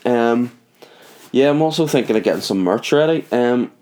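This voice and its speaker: A man's voice: medium pitch, animated, normal speed, a little mellow. A young man hosting his own podcast from his garage, chatting in a jokey, rambling way and going off on tangents. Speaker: podcast host. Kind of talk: rambling solo podcast chat. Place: home garage.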